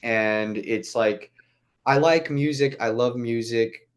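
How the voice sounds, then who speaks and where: A man's voice: mid-range voice, takes it slowly. A young man chatting as a podcast guest, rambling with lots of "like" fillers and casual swearing. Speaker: guest musician.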